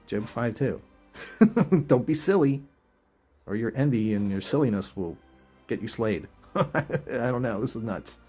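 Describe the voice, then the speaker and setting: A man's voice: mid-range voice, animated, moderate pace, pauses often, mellow, breathy edge, soft background music. A man hosting a video, reading verses aloud and reacting with incredulous, chuckling rhetorical questions in casual commentary. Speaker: video host.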